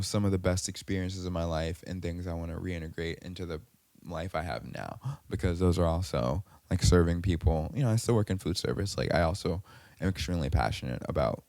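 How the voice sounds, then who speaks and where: Low mellow guy just talking thru his story, lots of likes and ums, dry sound. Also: no echo. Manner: rambling, self-correcting, many fillers. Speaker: podcast host. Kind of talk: personal storytelling.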